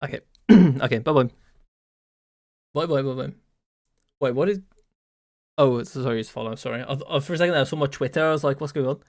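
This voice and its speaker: A man's voice: medium pitch, fast talker, darkish tone, dry recording, clean studio sound. A young man from the West Midlands of England, a game coach chatting casually on a live stream, rambling and repeating himself with many fillers.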